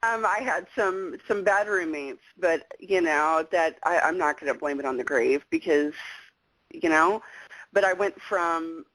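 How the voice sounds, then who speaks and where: A woman's voice: low voice, measured pace, a bit bright, dry recording, poor audio. A woman from Alaska, a guest on a casual radio chat, laughing often between phrases.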